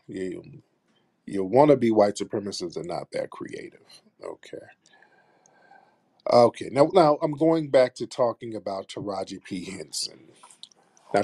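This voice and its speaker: A male talk-show host with a blunt, sarcastic, streetwise delivery. His voice is low, warm and a little husky, and it sounds dry and close. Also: dry recording. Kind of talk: live-streamed talk show commentary.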